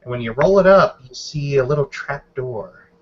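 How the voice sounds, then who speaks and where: A man's voice: medium pitch, lively intonation, moderate pace, dull audio. A man narrating a tabletop game as game master, describing scenes loosely with many hedges.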